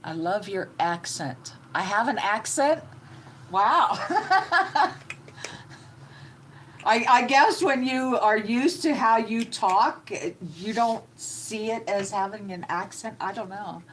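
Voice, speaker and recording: A middle-aged woman, hosting a live stream with slow, homey chatter and greeting viewers by name. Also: mid-range voice, slight background noise. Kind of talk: casual live-stream chat.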